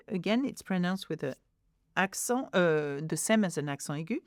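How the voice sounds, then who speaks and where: A woman teaching pronunciation, modelling words slowly and explaining them in English. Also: on the low side, big pitch swings, no echo, clean studio sound. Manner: slow, clear modelling of French words, then explaining in English. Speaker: French teacher. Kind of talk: pronunciation lesson.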